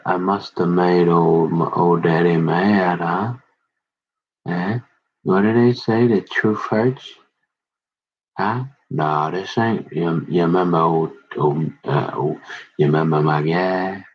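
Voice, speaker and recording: A man reading scripture aloud slowly, drawing out words and breaking off into joking casual asides. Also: sits low, breathy edge, dull audio. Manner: slow, drawn-out reading broken by joking chatter. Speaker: Bible reader.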